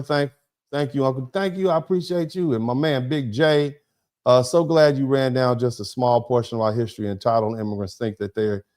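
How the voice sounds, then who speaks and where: Male livestream host, mid-pitched, chatty and emphatic, halting restarts, reading chat aloud. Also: darkish tone. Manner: conversational and emphatic, with repeated "you see what I'm saying". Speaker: host of a live show, a lawyer. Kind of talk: livestream talk, thanking viewers and reading chat.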